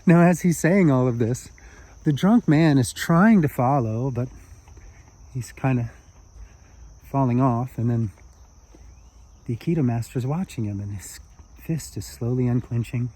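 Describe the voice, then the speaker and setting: A man's voice: medium pitch, measured pace, long pauses, warm tone. A man telling a spiritual story outdoors in an earnest, heartfelt way.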